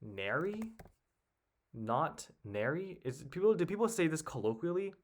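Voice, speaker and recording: A young man solving a crossword on his own, talking under his breath as he tries out one answer after another. He trails off into quiet guesses and then speaks up again when something clicks. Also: a little high, big pitch swings, unhurried. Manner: muttering guesses, thinking aloud. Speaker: puzzle solver. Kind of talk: casual solo commentary while solving.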